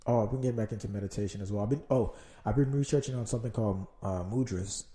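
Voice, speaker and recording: A man's voice: fairly low pitch, quick pace, mellow, roomy sound. A man with a Jamaican accent hosting a casual solo podcast, rambling and swearing as he loses his train of thought. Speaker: podcast host.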